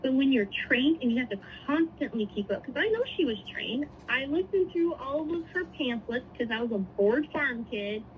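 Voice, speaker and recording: A woman's voice: high-pitched, expressive, normal speed, hardly any pauses, a little hiss or hum. A woman who works as a nurse telling a personal story in an earnest, reflective way. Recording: tinny phone-like audio.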